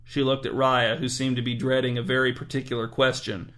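A man reading a story aloud, dry and deadpan in his delivery, his voice at an ordinary middle pitch for a man. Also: fairly quick. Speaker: narrator. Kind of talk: storybook narration.

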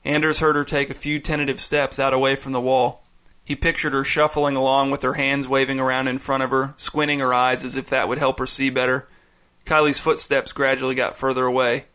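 A man reads a story aloud in a steady, measured audiobook delivery. His voice is bright and crisp, with a mid-range pitch. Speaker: narrator. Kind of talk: audiobook narration.

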